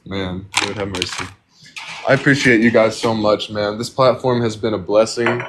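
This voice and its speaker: Earnest low-voiced man on a livestream. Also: fairly even intonation, normal speed, background noise. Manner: earnest and grateful, rambling with filler words. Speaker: livestream host. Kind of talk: casual devotional livestream talk. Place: at home with pet birds.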